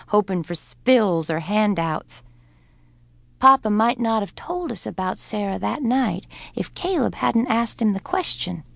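Slow, gravelly woman narrating a storybook. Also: medium pitch, dry recording. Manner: unhurried, tender storytelling. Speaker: audiobook narrator. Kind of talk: unabridged children's audiobook narration. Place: recording studio.

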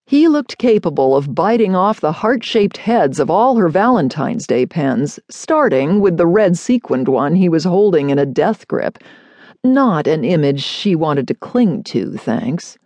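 A woman reading a romance audiobook in an expressive, wry storytelling manner, close to a studio mic. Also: lowish voice, measured pace, no echo. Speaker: audiobook narrator. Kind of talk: audiobook narration of a romance novel.

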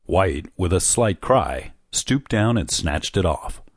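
A man narrating an unabridged audiobook of a classic story in a measured storytelling manner. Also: deep voice, very animated, slightly rough, dry recording, clean studio sound. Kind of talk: scripted narration.

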